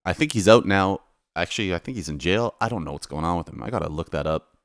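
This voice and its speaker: Here a Canadian man, a DJ and vlogger, delivers a casual monologue to camera, relaxed and rambling with many restarts. He talks fast in a low-pitched voice, captured at studio quality with no room sound.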